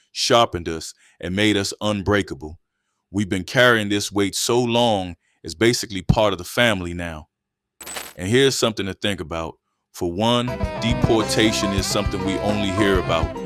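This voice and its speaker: A man's voice: lowish voice, fairly bright tone, no echo, studio quality. A man reading scripted commentary narration in a punchy, declarative way.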